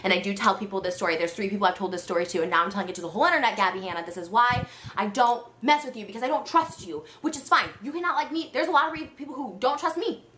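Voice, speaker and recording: A woman in her thirties venting in an exasperated, animated rant. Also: medium pitch, rapid-fire, hardly any pauses, echoey room, slight background noise. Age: 30s. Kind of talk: emotional rant.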